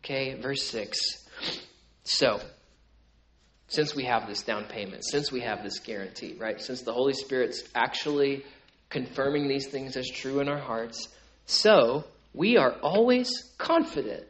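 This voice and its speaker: A man preaching a sermon in a conversational way, with many "right?" tags, moving between loud emphatic stretches and quiet, low asides. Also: lively intonation, a little slow, low-quality recording. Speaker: pastor.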